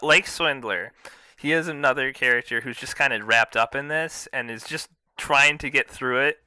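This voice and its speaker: A man talking casually on a podcast, often acting out characters' lines in animated bursts. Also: mid-range voice, normal speed, smooth, no room sound. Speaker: podcast co-host.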